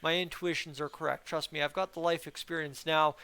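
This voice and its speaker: A man's voice: on the high side, fairly even intonation, a little fast, vocal fry, bright, forceful tone, clean tone. A young man hosting a casual fan commentary channel, rambling and chatty with a frustrated edge. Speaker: hockey fan channel host.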